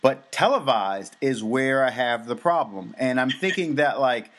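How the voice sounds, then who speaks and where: A man's voice: mid-range voice, lively intonation, a little slow, a bit bright. An American man co-hosting a podcast, talking in a rambling, casual way with many fillers and restarts. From United States. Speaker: podcast co-host. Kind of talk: casual chat.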